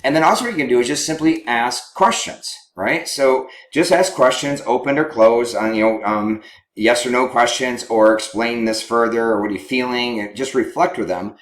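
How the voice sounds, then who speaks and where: In a room with noticeable echo, a man speaks at medium pitch and a moderate pace. He's a counselor teaching about how couples communicate, keeping it conversational and frequently checking in with the people listening.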